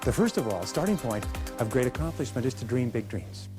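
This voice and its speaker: An energetic man speaks at a motivational seminar, addressing a live audience directly. His delivery is animated and he slips into quoted voices now and then. A faint bed of music plays behind him. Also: mid-range voice, a little fast.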